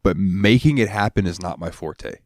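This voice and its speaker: A man with a fairly low voice chatting on a podcast, relaxed and rambling as he hunts for names. He laughs easily. The recording is close and dry. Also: normal speed, no echo. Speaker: podcast co-host. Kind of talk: casual chat.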